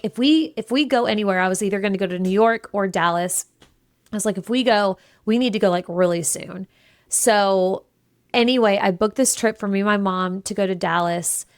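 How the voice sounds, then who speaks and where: A woman's voice: medium pitch, no echo. A woman in her thirties talks candidly on her solo business podcast. Her delivery is emotional and rambling, full of restarts. The sound is dry and close, with no room around it. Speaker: podcast host.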